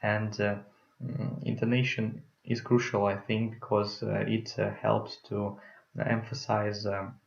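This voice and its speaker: A man's voice: lowish voice, level tone, a little slow, gravelly. A young man with a Russian accent giving a hesitant conference talk on public speaking, with many fillers. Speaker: student presenter. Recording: roomy, muffled lo-fi sound.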